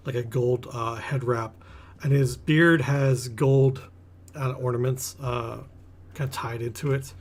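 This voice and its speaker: A man narrating as game master of a tabletop game, pausing with fillers while he describes. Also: mid-range voice.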